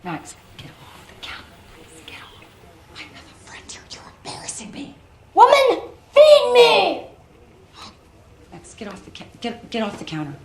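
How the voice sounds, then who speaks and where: A scolding, high-voiced film mother. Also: wildly swooping pitch, moderate pace, pauses often, a little mellow, heavily acted. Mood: pleading scolding. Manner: scolding, pleading then stern. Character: exasperated mother scolding her young son. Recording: roomy film audio, noisy.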